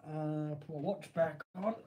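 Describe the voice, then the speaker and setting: A man's voice: a little high, measured pace, mellow, a little hiss or hum. A man with an Essex accent chatting casually and rambling on a live stream, laughing often.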